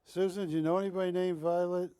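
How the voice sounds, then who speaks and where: A man hosting a live shopping channel, pitching art with jokey, teasing sales patter from a television studio. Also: flat delivery, quick pace, warm tone, clear, resonant tone, no room sound.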